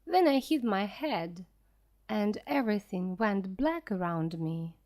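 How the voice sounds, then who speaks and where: Slow, clear woman reading a story. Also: medium pitch, expressive, darkish tone. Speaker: narrator. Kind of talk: story read for beginner learners.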